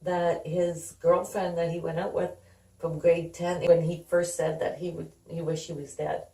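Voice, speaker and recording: A woman's voice: lowish voice, little pitch movement, normal speed, mellow. A middle-aged woman telling her family's story in an interview, conversational and acting out the dialogue. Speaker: guest. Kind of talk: candid personal storytelling. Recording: roomy sound, distant from the mic.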